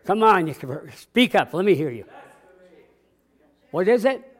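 Male pastor, higher-pitched voice, folksy call-and-response sermon in a church. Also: big pitch swings, measured pace. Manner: conversational preaching with call-and-response, acting out dialogue. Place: church sanctuary.

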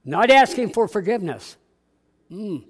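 High-voiced preaching man. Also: very animated, unhurried. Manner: conversational preaching with call-and-response, acting out dialogue. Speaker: pastor. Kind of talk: sermon. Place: church sanctuary.

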